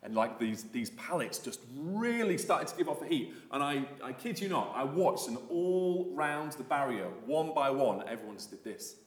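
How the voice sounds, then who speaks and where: A man giving a sermon as a visiting preacher, casual and animated, with many fillers and restarts. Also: medium pitch, moderate pace, few pauses, echoey room.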